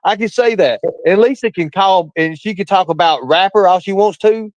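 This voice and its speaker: A man's voice: high-pitched, normal speed, no room sound, low-quality recording. A man, calling into a live stream and ranting bluntly and defensively with plenty of cursing. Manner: blunt, profane, defensive, repeats himself for emphasis. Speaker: guest caller on a live stream. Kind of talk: ranting casual chat.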